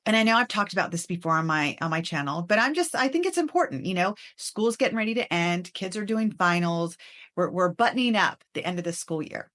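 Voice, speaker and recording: A woman's voice: fairly low pitch, expressive, fairly quick, fairly bright tone. Conversational woman parenting coach. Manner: conversational, acts out kids' and parents' tones in asides. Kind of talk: direct-to-camera advice talk.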